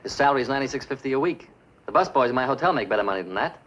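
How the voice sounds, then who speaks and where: An actor playing a wealthy crime boss who talks in a sneering, dismissive way, on an old film soundtrack. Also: male voice, mid-range voice, lively intonation, rapid-fire, a bit bright. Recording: dull 1950s film soundtrack.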